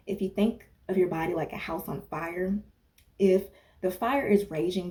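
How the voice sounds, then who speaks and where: A woman's voice: mid-range voice, mellow. A woman wellness coach and former personal trainer giving casual fitness advice in a chatty way, often checking in with "okay?" and wandering off on asides. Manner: chatty, tags points with "okay?", digresses and laughs at herself. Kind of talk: casual talking-head advice monologue.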